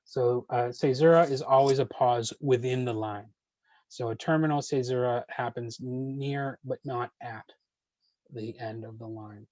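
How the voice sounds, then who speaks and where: A man leading an online poetry workshop, answering questions in a measured way with frequent ums and uhs. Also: mid-range voice, darkish tone, no echo, lo-fi sound.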